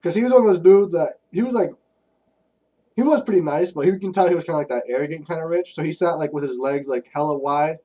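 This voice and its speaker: A young man, co-hosting a podcast and telling crude, animated stories in casual chat, a bit far from the mic. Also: fairly high pitch, fast talker. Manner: profane, animated storytelling. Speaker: podcast co-host.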